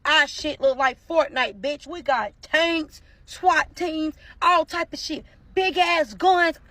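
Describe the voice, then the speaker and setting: A woman telling a story to her phone camera in a casual, animated, profane way. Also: high voice, slow, no room sound, low-quality recording. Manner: animated, profane, dramatic retelling.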